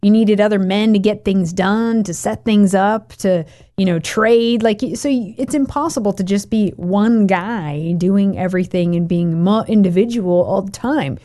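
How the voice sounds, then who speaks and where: A woman co-hosting a casual commentary show, chatty and quick to chime in. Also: mid-range voice, mellow. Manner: chatty, agreeing, jumps in. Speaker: co-host.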